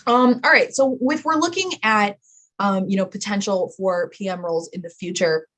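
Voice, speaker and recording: A woman's voice: mid-range voice, normal speed, fairly bright tone. A woman hosting a live online chat, talking casually with many fillers and self-deprecating asides. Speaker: webinar host.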